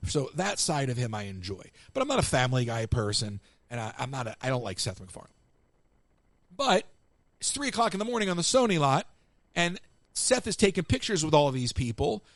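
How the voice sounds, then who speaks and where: On his live call-in show, the host shares animated stories with callers and voices what other people said. He speaks a bit quickly at a medium pitch, and the recording carries no room sound.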